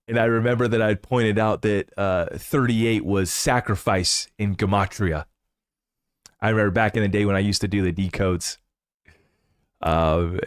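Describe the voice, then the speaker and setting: Excitable male crypto host, dry sound. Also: on the low side, no echo. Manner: excitable, rambling, laughs at the news. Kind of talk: casual livestream commentary.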